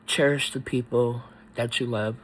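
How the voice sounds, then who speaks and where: A man talking in a personal vlog, halting and choked up, pausing often between words. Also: mid-range voice, fairly even intonation, slight background noise, poor audio. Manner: slow, halting, with many pauses and fillers. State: tearful, choked up. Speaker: faith vlogger.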